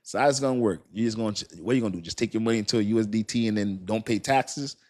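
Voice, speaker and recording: A man's voice: fairly low pitch, very fast. A man hosting a casual crypto live stream, chatty and repetitive, often thanking his viewers. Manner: chatty, repeats himself, thanks viewers warmly.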